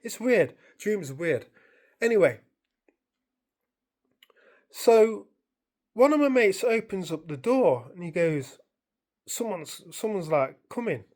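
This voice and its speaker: A woman's voice: medium pitch, very animated, slow, pauses often, a little mellow. A woman, rambling through a casual story to camera, full of fillers and repeated phrases. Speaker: vlogger.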